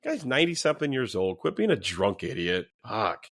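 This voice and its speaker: Lower-voiced man telling a story, swearing freely. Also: brisk. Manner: animated, swears freely, acts out quoted lines. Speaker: guest, former police officer. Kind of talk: casual podcast storytelling.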